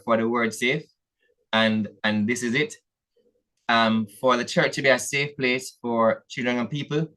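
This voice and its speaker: Jamaican man, church elder, mid-pitched voice, earnest sermon, halting restarts. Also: a bit bright, low-quality recording. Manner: earnest, addresses listeners as family, frequent restarts. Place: church meeting hall.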